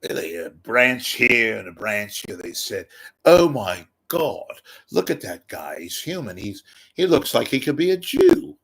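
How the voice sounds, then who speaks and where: A man's voice: medium pitch, sing-song, a little slow, vocal fry, a bit bright, breathy edge, heavily acted. A man putting on a silly posh British accent to spout nonsense. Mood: mock-posh. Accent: British (put on).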